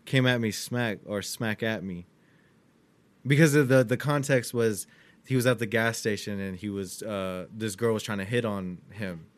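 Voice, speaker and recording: A man's voice: on the low side, normal speed. Swearing, easygoing young man. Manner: loose, swearing, storytelling with laughs. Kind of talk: casual chat.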